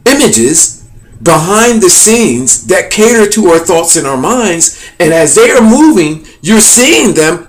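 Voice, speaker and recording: A man talks over his own video, his voice swinging widely in pitch as he points out shapes he sees in a picture. He rambles, repeats himself and keeps calling out to his viewers as "people." His voice sits a bit high for a man. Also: fairly bright tone. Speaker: video host. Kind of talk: excited conspiracy commentary over images.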